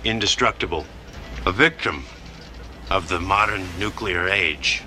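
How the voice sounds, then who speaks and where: A man's voice: deep voice, measured pace, pushed and bright, heavily acted. An actor playing a grave man who solemnly warns that a monster cannot be destroyed, in a dubbed film clip. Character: grave man warning about an unstoppable monster. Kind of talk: dramatic film dialogue.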